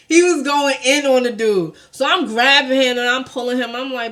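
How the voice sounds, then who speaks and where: Brassy New York woman spilling a storytime, bright and cutting, swears freely. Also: fairly high pitch, expressive, moderate pace. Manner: blunt and profane, talks straight to "y'all". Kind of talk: casual storytime vlog.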